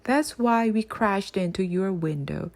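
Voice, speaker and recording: A woman reading aloud as Father Christmas, gentle and patient as she explains. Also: mid-range voice, expressive, unhurried, close to an everyday voice. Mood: earnest. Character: kindly earnest Father Christmas, old man. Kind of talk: audiobook character voice.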